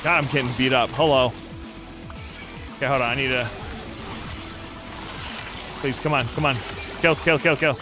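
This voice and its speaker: A young man hosting a let's play, goofy and excitable, joking and yelping at the game. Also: mid-range voice, normal speed, long pauses. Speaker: gaming channel host. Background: game music.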